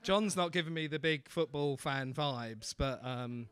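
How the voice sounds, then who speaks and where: High, bright-voiced comedy club MC. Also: male voice, measured pace, clean tone, no room sound, studio quality. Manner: loud, swearing, self-mocking banter. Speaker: stand-up comedy MC. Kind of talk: crowd work between acts.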